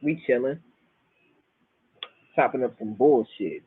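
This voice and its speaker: Speaking slowly in a slightly rough mid-range voice, this male host with a Southern Florida accent meanders through a profane, slangy, storytelling monologue. The audio is dry and tinny, like a phone line.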